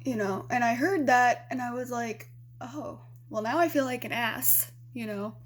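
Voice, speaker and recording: Young woman vlogger from Arizona, fairly high voice, frank, rambling, cusses a lot. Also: unhurried. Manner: rambling, frank, swears freely, many "you know"s. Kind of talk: casual storytelling to camera.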